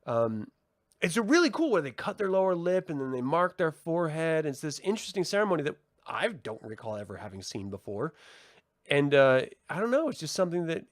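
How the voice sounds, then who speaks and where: A man casually recapping and reviewing a TV episode with animated retelling and frequent ums and uhs. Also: on the high side, brisk, dry recording, studio quality. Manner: animated retelling, hesitant fillers.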